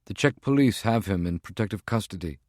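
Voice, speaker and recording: A man's voice: fairly low pitch, lively intonation, a little fast, a little mellow, no echo, clean studio sound, close to an everyday voice. A man voicing a male henchman who reports by secure phone in an urgent, clipped, strained way. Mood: tense.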